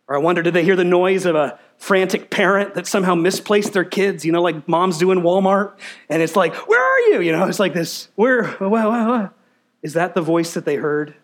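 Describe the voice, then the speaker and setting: A man preaching a sermon, asking the congregation questions and driving his points with emphasis. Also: on the high side. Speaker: pastor.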